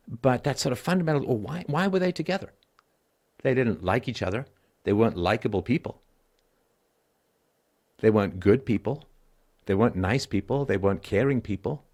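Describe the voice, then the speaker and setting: A middle-aged man hosting a call-in show, telling personal stories bluntly and with profanity, dropping low and weary, then rising loud and emphatic.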